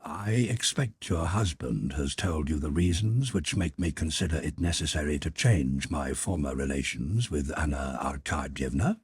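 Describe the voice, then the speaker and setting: A man's voice: very deep voice, animated, moderate pace, few pauses, husky, dry recording, exaggerated voice. A man playing a cold, stiff, wounded middle-aged husband who speaks in a clipped, formal way.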